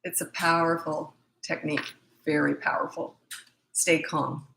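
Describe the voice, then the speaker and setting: A woman's voice: sits low, level tone, unhurried, creaky, fairly bright tone, a little hiss or hum. A middle-aged woman parenting coach answering viewer questions in a live Q&A, blunt, confident and emphatic. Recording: echoey room.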